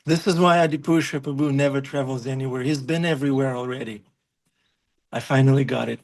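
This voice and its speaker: An easygoing man hosts a class discussion, joking lightly with participants. His voice sits at an ordinary pitch. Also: fairly even intonation, fast. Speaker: class leader.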